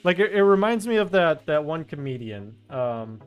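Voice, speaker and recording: A man's voice: fairly high pitch, very animated, normal speed, clear, resonant tone, dull audio. A man chatting casually on a live stream, loose and jokey, talking to his chat. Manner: loose, fillers and restarts, jokey, talks to chat.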